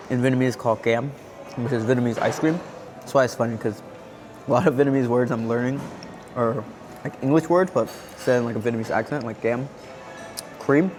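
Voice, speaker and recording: A man vlogging a casual food review at a hotel buffet, chatting as he tastes and humming contentedly between bites. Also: mid-range voice. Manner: chatty, savoring each bite with contented hums. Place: indoor hotel buffet restaurant. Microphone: camera-mounted shotgun mic.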